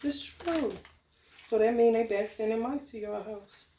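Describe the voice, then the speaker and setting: Profane animated woman in an echoey room. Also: on the high side, a little slow, a little hiss or hum. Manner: profane, animated, laughing outbursts. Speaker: spiritual tarot reader. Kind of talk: casual spiritual vlog rant.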